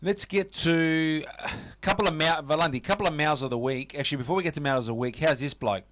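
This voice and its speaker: A man's voice: a little high, quick pace, a bit bright. A man with an Australian accent hosting a casual sports radio show, chatty and full of fillers. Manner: chatty, lots of fillers and "mate".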